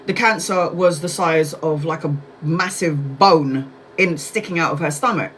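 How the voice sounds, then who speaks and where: A Brazilian woman in her forties, a tarot reader, hosts a casual livestream and tells a chatty story, laughing often, swearing freely, and acting out what others said. Her voice is low, unhurried, and a bit bright, with slight background noise.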